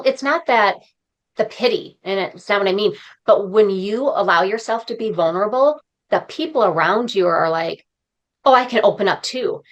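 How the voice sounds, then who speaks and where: A woman guest on a podcast, with a mid-range voice. She talks earnestly and from the heart. Her tone stays encouraging throughout. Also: mid-range voice. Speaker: podcast guest, speaker and coach. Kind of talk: conversational interview.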